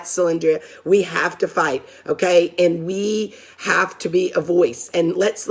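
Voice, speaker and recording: A woman's voice: fairly low pitch, breathy edge. A woman advocate hosting a live stream, speaking in an urgent, fired-up way as she repeats herself and rallies her viewers as "you guys".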